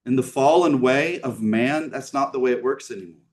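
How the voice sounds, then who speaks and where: A pastor preaches a sermon in a church sanctuary, speaking plainly and conversationally at a medium pitch and a fairly quick pace. He keeps posing rhetorical questions to his listeners, swinging between emphatic lines and hushed ones. His voice sits some distance from the mic.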